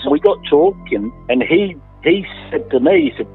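A man's voice: on the high side, expressive, moderate pace, few pauses, slightly rough. An Australian man telling a story in a casual, emphatic way, swearing freely and repeating himself. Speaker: interviewee, landowner. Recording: tinny phone line with faint music.

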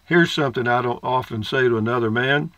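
A man's voice: medium pitch, brisk, fairly bright tone, no echo, dull audio. Folksy man reading comments. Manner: folksy, rambling, dry humor. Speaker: vlogger reading viewer comments. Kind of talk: casual comment-reading chat.

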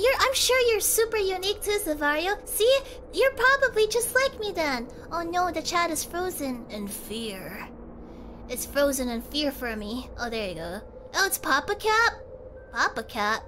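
A woman's voice: extremely high pitch, expressive, normal speed, fairly bright tone, a little hiss or hum. A young woman streaming, chatting casually and rambling, giggling often and talking to her chat.

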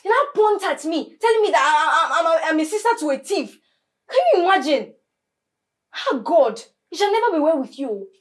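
A spiteful, high-voiced girl. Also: big pitch swings, a little fast, few pauses, a little mellow. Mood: bitter ranting. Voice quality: scornful, cursing, stammering when worked up. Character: spiteful teenage girl, jealous, insulting her sister.

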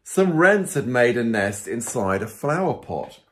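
A priest reads a story to small children in a mid-range voice at a measured pace. He is animated, asking the children questions and getting them to count along with him.

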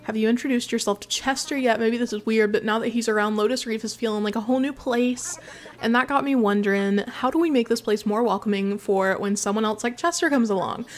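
A woman's voice: fairly high pitch, close to an everyday voice. A woman reading as a cheerful female gorilla villager. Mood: upbeat. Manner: reads the game's dialogue aloud quickly.

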